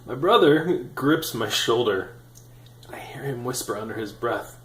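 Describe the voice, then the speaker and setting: Animated man telling a story, roomy echo. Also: mid-range voice, a little slow, a little hiss or hum. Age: 30s. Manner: animated and self-deprecating, with frequent fillers and laughs. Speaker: vlogger. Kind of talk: casual storytelling.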